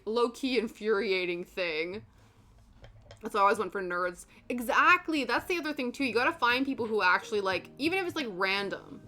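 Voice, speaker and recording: A woman streamer chatting casually while she cross stitches and reads her chat, rambling with lots of fillers and acted-out quotes. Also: on the high side. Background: soft background music.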